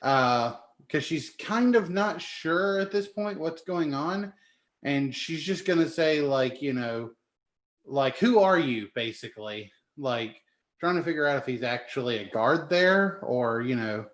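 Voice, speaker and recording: Male player, mid-pitched, hesitant and unsure, roomy echo. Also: expressive, measured pace, a bit bright. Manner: hesitant, unsure, many fillers. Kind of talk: casual tabletop play.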